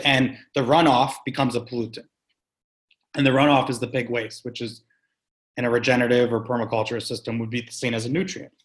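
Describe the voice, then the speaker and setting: Man, interview guest, storytelling, emphatic, animated, mid-pitched voice. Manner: animated, emphatic, swears casually. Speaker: guest, sustainable farming practitioner. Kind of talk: conversational storytelling.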